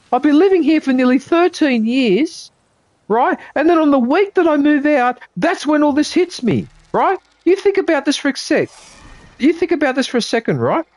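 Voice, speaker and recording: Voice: high voice, dry recording. An Australian livestreamer ranting casually, swearing freely and exasperated, and checking in with "right?" over and over. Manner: profane, exasperated, keeps asking "right?".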